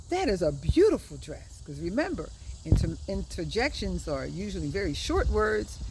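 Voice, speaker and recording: A woman teacher speaks slowly to preschoolers, her pitch swooping widely as she acts out each word with big expression. She is outdoors, with a faint hum of open air behind her. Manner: slow, exaggerated expressive reading for small children. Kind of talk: children's lesson. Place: outdoors by a wet board.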